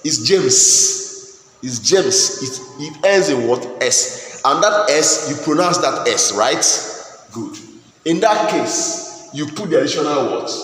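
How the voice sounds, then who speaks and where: A man's voice: a little high, a bit bright. A man teaching an English grammar class, often asking the class "what?" and then answering himself, with many repeats and restarts. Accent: Nigerian English. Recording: echoey classroom with faint noise.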